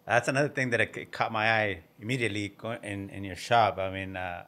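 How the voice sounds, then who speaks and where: A man hosting a casual interview, reacting eagerly and asking questions with halting fillers. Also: lowish voice, steady tone, bright, forceful tone. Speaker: interviewer, host.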